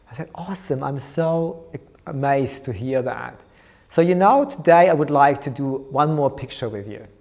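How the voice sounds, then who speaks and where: A man lecturing on art therapy, recounting a clinical case and acting out the dialogue between therapist and child, growing soft for the tender moments. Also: mid-range voice. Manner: storytelling, softens his voice for tender moments.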